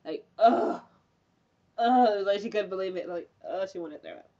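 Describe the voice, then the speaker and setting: A young woman recapping a TV episode in a chatty, animated way, with lots of fillers and frequent laughter. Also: on the low side, fast talker, dull audio. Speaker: TV recap reviewer.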